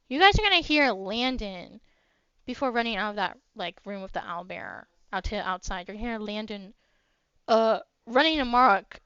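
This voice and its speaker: A woman's voice: a little high, sharp tone, smooth, no echo. A young woman narrating as game master of a tabletop game, rambling with lots of fillers. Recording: dry, dull lo-fi mic.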